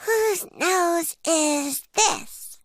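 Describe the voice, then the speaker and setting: A woman voicing a small, playful boy bear cub in a slow, childlike voice for a cartoon. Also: very high-pitched, pitched above the performer's own voice, full character voice.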